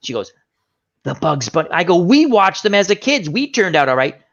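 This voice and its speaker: A man hosting a casual online chat, with a fairly high voice that swoops up and down as he acts out every line of a story. The audio is dull and lo-fi, like a low-quality stream. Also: moderate pace. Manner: animated storytelling, acts out quotes. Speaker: show host.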